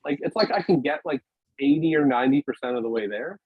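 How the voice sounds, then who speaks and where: A man's voice: a little high, animated, fast talker, husky, no room sound. Rambling man on a tinny call. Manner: rambling, hesitant, many restarts and fillers. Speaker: podcast guest, weightlifting media founder. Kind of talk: casual conversational interview. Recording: dry, tinny phone-like call audio.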